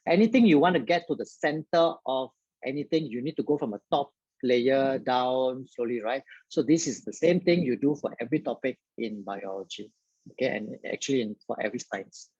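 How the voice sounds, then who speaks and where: A man's voice: medium pitch, expressive, a little fast, darkish tone, husky, no room sound, highs cut off. A man tutoring biology in a live online lesson, talking straight to his viewers and filling his speech with "okay".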